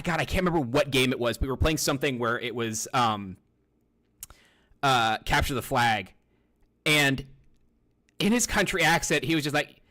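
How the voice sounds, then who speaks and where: A man's voice: fairly high pitch, pushed and bright. A man streaming live, chatting casually with his viewers in a rambling, profane way and talking to himself while he browses.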